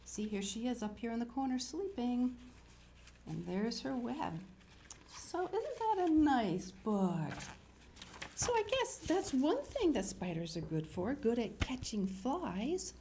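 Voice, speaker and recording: An older woman hosting a children's show, reading a picture book aloud and chatting warmly to young viewers. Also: on the high side, takes it slowly, a little hiss or hum. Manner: animated, storytelling, talks to young viewers. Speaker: children's TV host.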